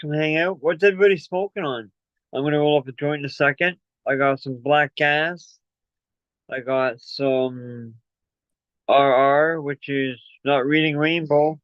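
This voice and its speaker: A mid-range male voice belongs to a livestream host who rambles and chats casually while selling merch, panting from running up and down stairs. The recording is dry, with dull lo-fi call audio.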